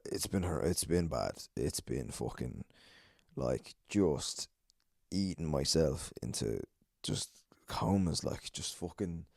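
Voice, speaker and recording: A man's voice: rumbling low, lively intonation, takes it slowly, creaky, a little mellow, no room sound, clean studio sound. An Irish man hosting a solo podcast, rambling and swearing a lot, self-mocking and a bit out of breath. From Ireland. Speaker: podcast host.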